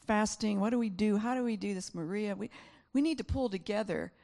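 A woman's voice: medium pitch, a little fast, warm tone. A woman pastor preaching a sermon, telling stories earnestly and emotionally, often repeating herself. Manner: earnest, emotional storytelling with frequent repetitions.

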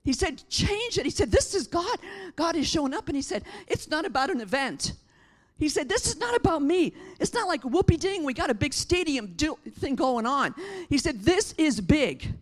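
Her voice pitched high, a middle-aged female pastor delivers a forceful, emphatic sermon. She swells into shouting, then falls soft and tearful.

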